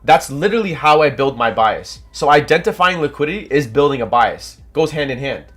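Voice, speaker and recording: A man's voice: a little high, brisk, slightly rough, faint music behind. A young Canadian man hosting a trading livestream, reading viewer comments and coaching in a hyped, casual way, with a nose stuffed up from allergies. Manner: energetic, hyped, coaching chat.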